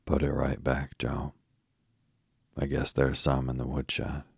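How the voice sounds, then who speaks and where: Guy reading a worried big sister, husky, flat, slow and low. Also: no echo, studio quality, exaggerated voice. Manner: gently worried, coaxing. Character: lively caring older girl, the eldest sister.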